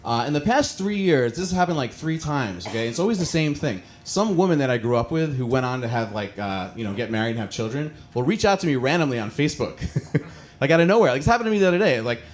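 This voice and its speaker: Man, stand-up comic, highly animated delivery, laughs at own jokes, small comedy club. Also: fast talker, slight background noise. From American suburbs. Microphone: handheld microphone.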